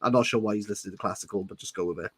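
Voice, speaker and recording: A man's voice: on the low side, racing, husky. A man reading a novel aloud and cracking sarcastic jokes between passages. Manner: sarcastic, jokey asides. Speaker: book reviewer.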